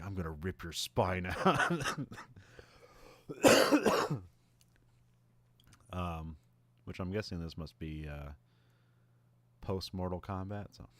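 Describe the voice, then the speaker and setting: A podcast co-host rambles loosely through a movie plot in a casual recap, often breaking into laughter. His voice is somewhat low with a fairly bright tone, recorded dry and close with no room echo.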